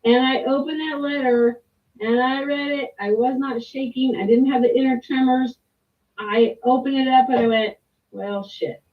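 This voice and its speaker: Middle-aged woman rambling about her week, kinda high voice, tinny phone sound. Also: fairly even intonation, moderate pace. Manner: rambling, candid, with frequent restarts and mild swearing. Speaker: client sharing a testimonial. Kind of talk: casual personal testimony. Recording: tinny phone-like line, distant from the mic.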